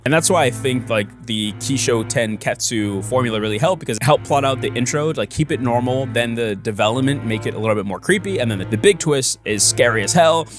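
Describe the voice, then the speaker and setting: A man narrating a casual vlog about making his comic, animated and full of filler words. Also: mid-range voice. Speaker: comic artist vlogger.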